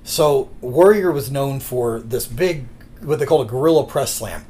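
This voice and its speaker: A man's voice: medium pitch, lively intonation, normal speed, dark tone, a little hiss or hum. Chatty man telling wrestling stories. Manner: rambling anecdotes with acted quotes. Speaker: podcast co-host. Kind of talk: casual storytelling chat.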